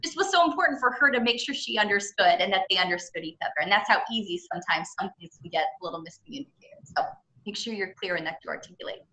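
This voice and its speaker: A woman's voice: mid-range voice, expressive, fast talker, sharp tone, echoey room, low-quality recording. A woman presenting a business etiquette seminar, chatty and engaging with frequent fillers.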